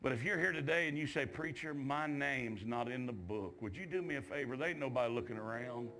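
A man preaching a revival sermon in a church, drawling folksy asides and shouting at the climaxes. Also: mid-range voice, lively intonation, brisk.

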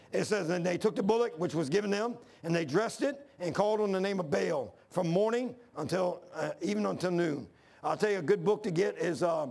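A man preaching a fervent sermon, reading scripture aloud and rising to near shouts when worked up. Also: high voice, gravelly, breathy edge. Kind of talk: fiery sermon.

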